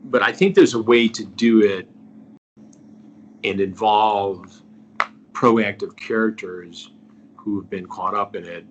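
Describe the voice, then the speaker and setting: Here a middle-aged investigative journalist, interviewed as a guest, earnestly tells a story, his phrases dropping to a near-whisper as they end. His voice is lowish and slow, with long pauses. The audio is dull, with a little hiss or hum.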